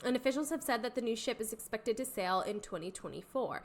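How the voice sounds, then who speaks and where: A woman's voice: on the high side, fast talker, few pauses. Young woman co-host reading news. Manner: relaxed, reads news items aloud between banter. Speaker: podcast co-host. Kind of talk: casual chat.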